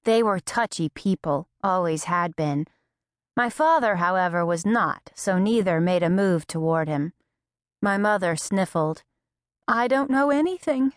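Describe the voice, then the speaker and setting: A woman narrating an audiobook in a measured, reflective first-person voice. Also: on the low side, no echo, clean studio sound.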